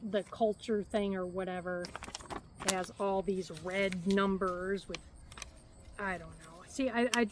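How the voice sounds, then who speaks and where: A woman's voice: medium pitch, poor audio. Middle-aged woman rambling thru a health update vlog, coughy, out of breath, faint hiss behind. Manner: rambling, flustered, many fillers. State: hacky cough, short of breath. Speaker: vlogger.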